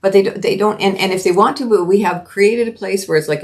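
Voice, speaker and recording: A woman's voice: medium pitch, brisk, few pauses, a little mellow. A middle-aged woman from Canada hosting a solo commentary podcast, talking earnestly and emphatically with frequent restarts. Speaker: podcast host.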